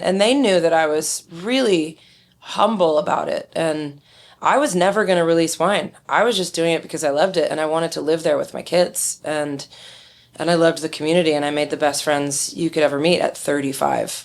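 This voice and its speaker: A middle-aged woman winemaker telling stories in an interview, speaking candidly and sometimes acting out what others said. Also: sits low. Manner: candid, storytelling, acts out quoted dialogue. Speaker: winemaker guest. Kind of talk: conversational interview.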